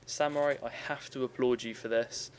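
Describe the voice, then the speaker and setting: Young guy rambling through a strategy game replay, mid pitch, corrects himself a lot, faint hum behind. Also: steady tone, normal speed. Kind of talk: casual gameplay commentary.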